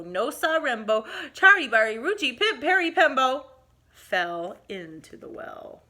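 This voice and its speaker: A woman teacher reading a storybook aloud to young children, adding asides. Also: on the high side. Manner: animated, expressive, pauses to comment.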